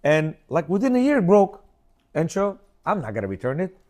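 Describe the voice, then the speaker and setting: Animated man telling a rambling story. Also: on the high side, a little fast. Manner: animated, rambling, frequent restarts and acted quotes. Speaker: host. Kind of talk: casual storytelling commentary.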